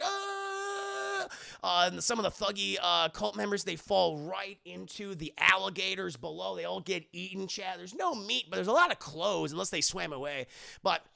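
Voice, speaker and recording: Excitable male streamer, gravelly high voice, profane movie recap. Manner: excitable, profane, chatty to chat. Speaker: live-streamer movie reviewer.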